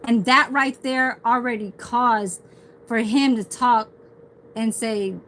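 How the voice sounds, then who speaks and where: A woman's voice: on the high side, fairly even intonation, takes it slowly, fairly bright tone, a little hiss or hum, low-quality recording. A woman ranting casually on a livestream, swearing heavily as she tells a rambling story.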